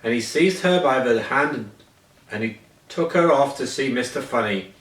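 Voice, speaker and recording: A man's voice: medium pitch, lively intonation, normal speed, fairly bright tone. Man reading a children's story aloud, stumbling and correcting himself, heard from a distance in an echoey room. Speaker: reader. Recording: echoey room, voice away from mic.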